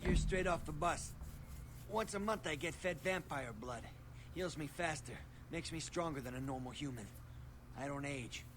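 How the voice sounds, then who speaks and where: An actor playing a helpful, ageless servant of vampires in a video game, speaking plainly. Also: male voice, a little high, normal speed, lightly acted. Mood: matter-of-fact. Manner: plain, informative. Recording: game audio with steady noise.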